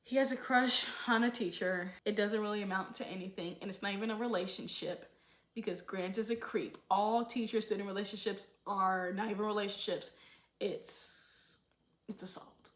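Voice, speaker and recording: A woman giving opinionated casual commentary and acting out quotes with animated emphasis. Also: medium pitch, moderate pace, reverberant. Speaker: show commentator.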